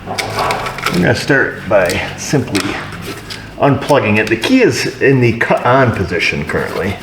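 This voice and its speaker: A man's voice: lowish voice, sing-song, measured pace, noisy background. A man working as an auto repair technician, narrating casually while he diagnoses a truck and tossing dry, joking asides to viewers. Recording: roomy shop echo.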